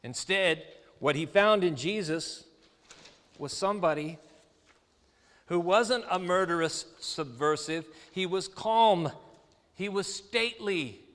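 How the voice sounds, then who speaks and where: Man, pastor, sermon, high bright voice, long church reverb. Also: slow pace. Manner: animated storytelling preacher, acts out quoted voices. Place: church sanctuary.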